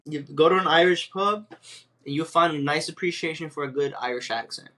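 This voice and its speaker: A man's voice: on the high side, fairly quick, sharp tone. A man co-hosting a podcast, joking around brashly with slang in casual chat. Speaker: podcast co-host.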